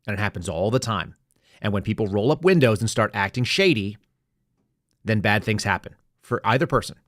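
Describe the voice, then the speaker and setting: A man's voice: on the low side, animated, a little fast, a bit bright, dry recording, clean studio sound. A man hosting a commentary podcast, giving blunt, instructive advice. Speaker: podcast host. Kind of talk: political commentary.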